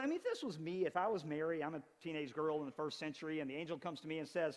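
A pastor in his forties preaching an animated, conversational sermon with touches of humor. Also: a little high, quick pace, few pauses, big-room sound. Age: 40s. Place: church sanctuary.

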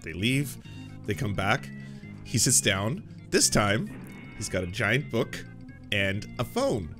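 A man's voice: fairly low pitch, slow pace, over music. Stammering Canadian man telling a story. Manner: animated, stammering, swearing. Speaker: podcast host telling a story. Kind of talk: casual storytelling.

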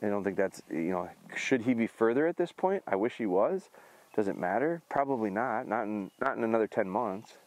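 A middle-aged man training a hunting dog outdoors, explaining his approach in a relaxed way between short commands. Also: fairly quick, no room sound. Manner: high excited praise to the dog. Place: outdoors in a field.

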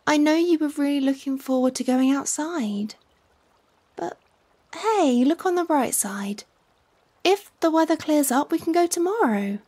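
A woman doing a whispered role-play as an ASMR performer, speaking in a coaxing, gently teasing way. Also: high voice, expressive, a little slow.

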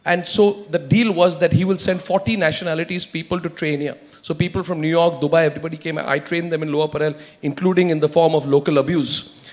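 A man's voice: on the high side, steady tone, quick pace. A middle-aged man, a media executive speaking on a panel in an emphatic, persuasive way. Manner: emphatic, persuasive, repeats himself for stress. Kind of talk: panel discussion.

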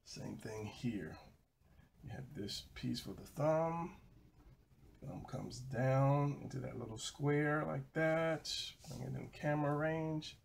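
A man narrating a drawing tutorial while he sketches, low-key and sleepy from an early start. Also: slow pace, vocal fry, a little hiss or hum. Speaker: drawing instructor.

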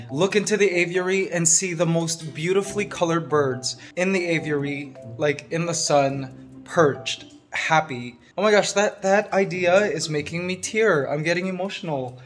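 Excitable sentimental man vlogging. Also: on the high side, moderate pace, soft background music. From Canada. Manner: excitable and sentimental, gushing to viewers. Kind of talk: casual vlog. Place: farmhouse under construction.

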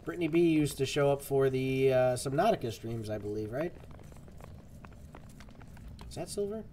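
A man's voice: medium pitch, moderate pace, dark tone, a little hiss or hum. A man streaming a game, chatting casually and rambling to his viewers as he plays. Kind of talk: casual gameplay commentary.

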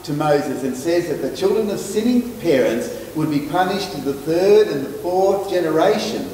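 An Australian man preaching a sermon as minister, measured and stumbling over his words now and then. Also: fairly high pitch, lively intonation, mellow, slight background noise. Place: church hall. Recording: echoey church hall from far off.

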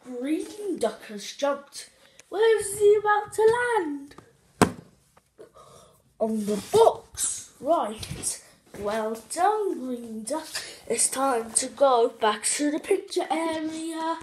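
A woman hosting a children's craft show, playful and animated, with gasps and giggles. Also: sits high, extremely slow, a little hiss or hum. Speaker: host of a kids' craft show.

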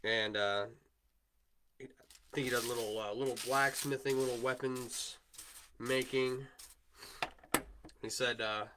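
A man's voice: medium pitch, steady tone, takes it slowly, long pauses, background noise. A man with a Wisconsin accent hosting a livestream, chatting casually and rambling while he works on chainmail and answers viewer comments. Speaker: livestream host, chainmail maker.

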